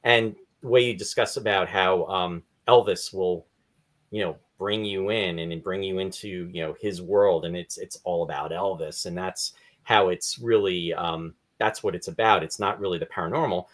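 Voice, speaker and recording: Host, male, low voice, slightly hoarse, rambling and apologetic. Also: steady tone, moderate pace, a bit bright. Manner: rambling, apologetic, restarts often. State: losing his voice, clearing throat. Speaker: podcast host. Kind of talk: casual interview chat.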